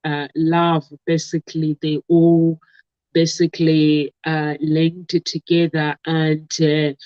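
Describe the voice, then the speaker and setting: A man's voice: on the high side, completely flat delivery, slow, darkish tone, no echo. A man in a casual online talk show, rambling and restarting as he tells an anecdote. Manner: rambling, many restarts and fillers. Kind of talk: casual chat. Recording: dull, dry lo-fi audio.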